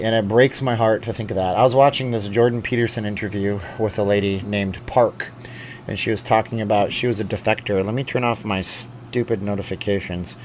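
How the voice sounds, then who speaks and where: A man's voice: lowish voice, darkish tone, slight background noise. A man hosting a casual live chat, reading viewer comments aloud and rambling at home. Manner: chatty, rambling, talks straight to viewers. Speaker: live-stream host. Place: at home with a dog at his feet.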